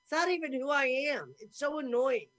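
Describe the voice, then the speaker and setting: A woman hosting a podcast, talking in a rambling, earnest way and thinking out loud. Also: sits high, normal speed. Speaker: podcast host. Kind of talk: casual conversation.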